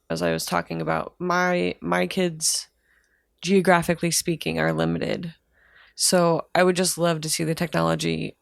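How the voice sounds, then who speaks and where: A woman's voice: low voice, gravelly, dry recording, clean studio sound. A woman co-hosting an education podcast, a parent talking earnestly and casually with lots of "like". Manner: earnest and chatty, with frequent "like". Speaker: podcast co-host. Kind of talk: casual conversation.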